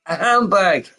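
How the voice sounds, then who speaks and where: A gaming streamer chats casually with viewers, rambling, swearing often, laughing, and firing off rhetorical questions. He has a high voice with a sharp tone, and the recording quality is low.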